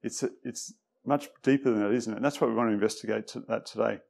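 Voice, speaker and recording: A man giving a conversational sermon with many pauses and fillers, sometimes dropping quiet. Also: on the low side, gravelly. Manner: relaxed, hesitant, many fillers; tends to drop quiet. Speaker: preacher. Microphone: microphone.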